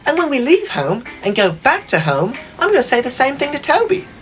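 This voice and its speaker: A man voicing a cheerful, sweet young male engine who sounds bright, eager and childlike. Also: extremely high pitch, huge pitch swings, a little fast, background noise, pitched above the performer's own voice, exaggerated voice.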